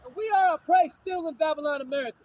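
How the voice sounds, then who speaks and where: A man's voice: very high voice, fast talker, a little hiss or hum, rough recording. A man preaching in a confrontational way, reading scripture aloud, repeating his lines and hurling insults. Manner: repetitive, insulting, shouts lines again and again. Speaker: street preacher.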